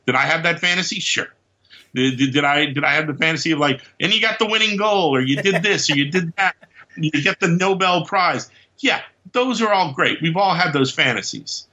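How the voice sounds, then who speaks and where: A man guest on a podcast, telling stories in an animated, casual way, acting out quotes and laughing often. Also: fairly high pitch, a little fast, dull audio. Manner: lively storyteller who acts out quotes and laughs often. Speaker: podcast guest, comics writer.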